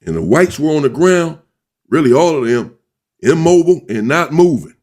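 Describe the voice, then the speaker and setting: A man telling, in first person, a story of a riot he took part in while in prison; he talks deliberately and often restates his points. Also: fairly high pitch, big pitch swings, a little mellow. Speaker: former inmate recounting a prison riot.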